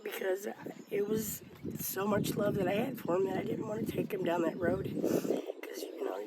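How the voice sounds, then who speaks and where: Woman in her forties, halting speech, lots of fillers, clear background noise outdoors. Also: mid-range voice, steady tone. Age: 40s. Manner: halting, many fillers and restarts. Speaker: interviewee. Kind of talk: emotional personal storytelling.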